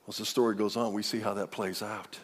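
A man's voice: lowish voice, flat delivery, fast, husky, long reverb tail. An older man preaching a sermon as pastor, emphatic, often repeating words and restarting phrases.

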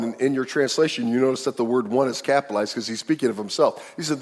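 A man's voice: medium pitch, a little fast, husky. A man preaching a sermon to a congregation, acting out the people in the story as he tells it. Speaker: pastor. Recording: long hall reverb.

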